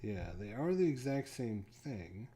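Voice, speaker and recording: A man's voice: medium pitch, big pitch swings, measured pace, mellow. A man unboxing a board game, casually thinking aloud to himself and counting pieces under his breath.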